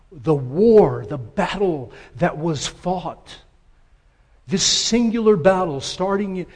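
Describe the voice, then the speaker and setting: A male pastor preaching a sermon dramatically, swinging between loud emphasis and soft, quiet asides. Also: on the high side, big-room sound.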